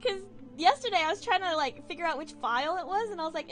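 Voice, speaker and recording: Streamer, woman: high, lively, bright voice, rambling and giggling, faint game music underneath. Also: fast talker. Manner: giggly, rambling, self-deprecating. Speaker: streamer and voice actor. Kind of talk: casual livestream chat while playing a game.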